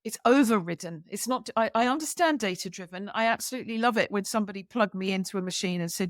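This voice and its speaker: A woman's voice: medium pitch, quick pace, few pauses, dry recording, studio quality. A woman, a yoga therapist, chatting casually and acting out the people in her stories. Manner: animated storyteller, acts out quoted dialogue. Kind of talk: casual conversation.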